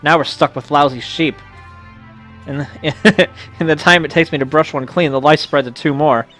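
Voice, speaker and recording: A man reading out the game lines of a fussy, pun-loving male sheep farmer, a bit theatrical and louder than his own talk. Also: a little high, fairly even intonation, moderate pace, faint music behind, voice pushed up, natural voice. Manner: punning, a little theatrical. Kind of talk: reading game dialogue aloud.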